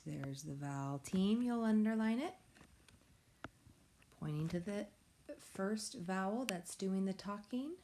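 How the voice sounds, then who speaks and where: Woman teacher, phonics lesson for young children, patient sing-song explaining, very slow pace, slightly gravelly voice. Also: fairly low pitch, a little mellow, a little hiss or hum. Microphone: tablet or device mic.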